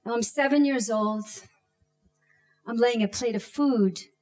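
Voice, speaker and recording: Slow, dramatic woman storyteller. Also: a little high, faint music behind. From Canada. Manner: slow, deliberate delivery with dramatic pauses and acted-out shouts. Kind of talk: dramatic personal storytelling performance.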